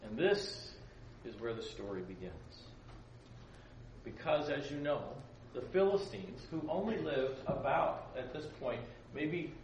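A man preaching a sermon, telling a story with animated delivery and acting out the voices in it. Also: mid-range voice, slight background noise. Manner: animated, acts out voices in his stories. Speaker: pastor leading a Bible study. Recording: roomy, distant mic with faint ambience.

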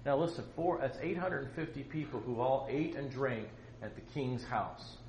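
A man preaching at a family camp, teaching the Bible in a conversational, animated way and acting out the scripture. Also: mid-range voice, moderate pace. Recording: roomy echo, faint noise.

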